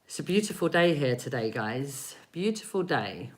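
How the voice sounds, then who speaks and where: A woman's voice: a bass voice, very animated, moderate pace, a little hiss or hum. A woman in her forties from England with an English accent, chatting with viewers on a live stream and laughing often. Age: 40s. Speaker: energy reader doing live readings.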